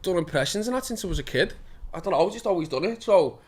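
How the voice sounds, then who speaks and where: A man with a Liverpool accent talks fast and excitedly in a casual podcast chat. His voice sits a bit high for a man. He swears freely and laughs through his stories. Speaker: guest actor.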